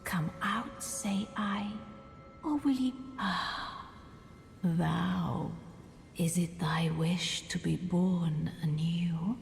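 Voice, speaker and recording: A woman voicing a sorrowful queenly sorceress who dotes on rebirth, speaking in archaic words in a breathy half-whisper. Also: on the low side, very slow, faint music behind, heavily acted. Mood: coaxing whisper. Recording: game audio with long reverb.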